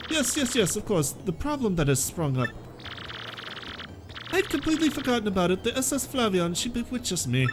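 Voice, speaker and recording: A man's voice: sits high, very animated, normal speed, background noise. A man voicing a pompous, flamboyant merchant sailor in a vague, made-up foreign accent, reading game dialogue over music. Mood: boastful. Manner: grandiose, theatrical, vague foreign-sounding accent.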